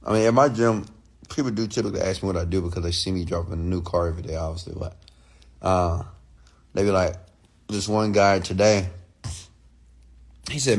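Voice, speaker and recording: Man, casual rant to camera, lively delivery with put-on voices for others. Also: a little fast, pauses often. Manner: animated, talks straight to viewers, acts out others in high voices. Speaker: online entrepreneur and mentor. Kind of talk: casual late-night rant.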